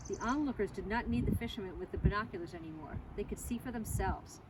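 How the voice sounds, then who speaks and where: A woman's voice: medium pitch, fast. Woman reading a novel aloud outdoors. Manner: expressive, animated reading. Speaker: reader. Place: outdoors at a barn. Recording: distant mic, loud outdoor noise. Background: outdoor noise and passing vehicles.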